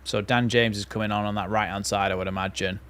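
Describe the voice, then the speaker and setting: Low-voiced man calling football live. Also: fast talker, smooth. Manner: excitable fan commentary, calls play by play. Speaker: watchalong host.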